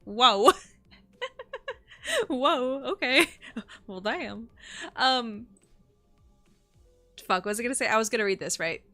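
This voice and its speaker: A young woman streaming a game, chatting excitably and swearing freely. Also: on the high side, slow, long pauses, faint music behind. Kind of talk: casual live-stream chat.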